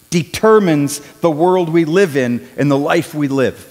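Male pastor, conversational sermon delivery with loud dramatic peaks, high voice, echoing church hall. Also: a little slow, few pauses. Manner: conversational preaching, rising to loud when acting out cries. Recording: long hall reverb.

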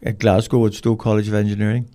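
A man's voice: fairly low pitch, flat delivery, fast, mellow. An older man, a podcast guest telling rambling, colloquial stories in a casual interview. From Cork, Ireland.

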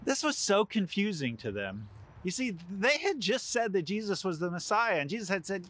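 A man preaching a sermon as pastor, retelling scripture with animated storytelling and acting out quoted lines. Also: high voice, moderate pace, husky.

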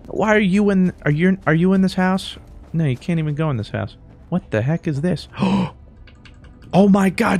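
Gaming commentator man, high-ish, animated, jokey, yelps when startled, close desk mic. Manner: excitable, jokey, swings between mumbled asides and high yelps. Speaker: gaming YouTuber. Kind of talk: let's play commentary.

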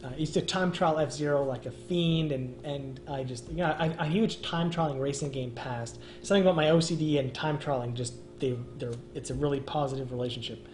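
A man's voice: fairly high pitch, fairly quick, hardly any pauses, darkish tone, echoey room. A man hosting a casual gaming chat stream, talking emphatically and peppering his speech with "man" and "dude". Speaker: show host.

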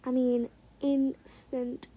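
A young woman giving casual, excitable commentary while trading in a game, often dropping into muttered asides. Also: high voice, slow, breathy edge, rough recording. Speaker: gaming vlogger.

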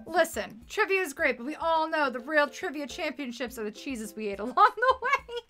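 A woman's voice: high-pitched, big pitch swings, normal speed, bright, forceful tone, soft background music. A young woman streaming a game, chatting casually and reading its text aloud, playful and fond of puns, rambling about food.

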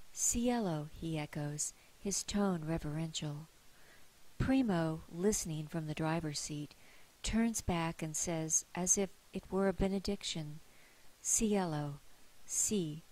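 Woman, low voice, memoir reading, hushed, near-whispered narration. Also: rough recording. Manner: quiet, hushed storytelling, often near a whisper. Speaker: author reading her own story.

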